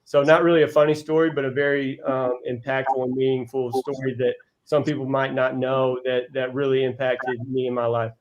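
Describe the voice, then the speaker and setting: A man's voice: mid-range voice, little pitch movement, a little fast, hardly any pauses, highs cut off. A man, a college basketball head coach, talking on a podcast as a guest, earnest and heartfelt, with frequent restarts as he tells stories. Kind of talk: casual podcast interview storytelling.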